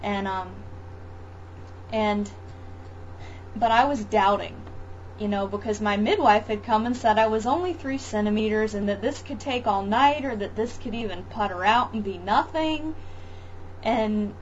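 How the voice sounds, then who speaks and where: A woman's voice: mid-range voice, a little slow, highs cut off, a little hiss or hum. A woman recounting her birth experiences in a casual interview, talking loosely with many fillers and restarts. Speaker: interview guest, mother. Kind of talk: casual chat, birth story.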